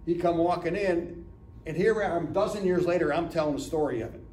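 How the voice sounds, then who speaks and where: Speaking fast in a fairly high, slightly mellow voice, a chatty seventy-something storyteller from Northeast Ohio, USA, gives a business lunch talk as a guest speaker, acting out dialogue and tossing in frequent "right?"s. He's picked up by a distant mic in an echoey room with slight background noise.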